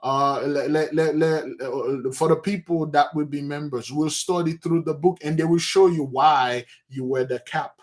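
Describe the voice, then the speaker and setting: A man's voice: on the high side, measured pace, hardly any pauses. A man leading an informal book study, telling the story with many restarts and asides. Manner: lively storytelling, acting out scenes. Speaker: study group teacher.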